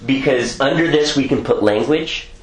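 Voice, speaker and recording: A man's voice: fairly high pitch, reverberant. A man teaching a Bible class, talking through ideas and checking in with "okay?" often.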